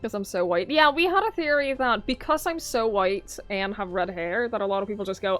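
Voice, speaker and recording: A young livestreamer from southern Norway talks with her viewers a little fast, hardly pausing, in a mid-range voice with a fairly bright tone. Her chat is rambling and easygoing, full of laughter, over faint background music.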